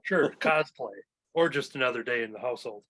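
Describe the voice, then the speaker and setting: A man hosting a casual podcast, talking at an ordinary middle pitch. He rambles through preview blurbs with plenty of ums and uhs, recorded at home. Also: a little fast, a bit bright. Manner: loose, filler-heavy, reading previews aloud. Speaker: podcast host. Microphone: home recording mic.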